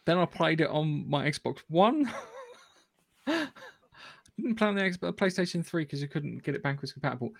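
Bloke on a podcast, quick and teasing, swears a bit, dry close mic. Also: male voice, on the high side, sing-song, vocal fry, dry recording. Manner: brisk, teasing, swears casually. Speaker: podcast co-host. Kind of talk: casual chat.

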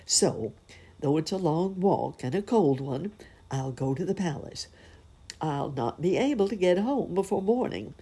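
A woman's voice: deep voice, warm tone, slightly rough, exaggerated voice. A woman voicing a poor, kindly father cobbler giving his sons fatherly instructions in a storybook reading.

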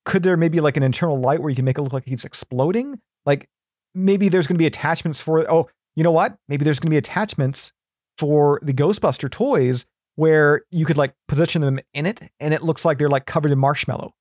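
A man's voice: fairly high pitch, brisk, a little mellow, no echo. Rambling man with a dry close sound. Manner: rambling, lots of fillers and restarts. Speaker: podcast guest. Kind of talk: casual chat.

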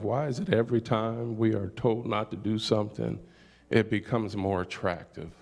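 A man's voice: lowish voice, steady tone, creaky, darkish tone. An older man preaching a sermon, reading scripture aloud and calling out hallelujah between points. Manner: slow, deliberate delivery with scripture readings and call-outs.

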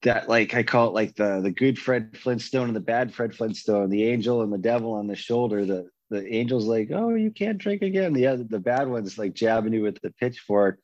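A man candidly recounting his own story, animated and acting out the lines of the people in it. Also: lowish voice, fairly quick, hardly any pauses, no room sound, dull audio. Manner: animated, acts out other people's lines in a raised voice. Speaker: guest telling his recovery story.

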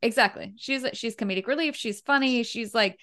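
A woman co-hosting a podcast, chatting casually in a halting, filler-heavy way. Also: a little high, a bit bright, dry recording, clean studio sound. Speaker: podcast co-host. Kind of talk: casual chat.

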